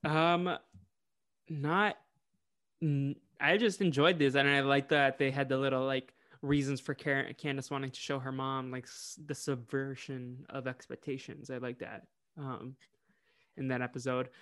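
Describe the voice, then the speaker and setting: A man co-hosting a casual podcast, chatty and quick to offer his opinions and small asides. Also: mid-range voice, level tone, fairly bright tone, clear, resonant tone. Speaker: podcast co-host.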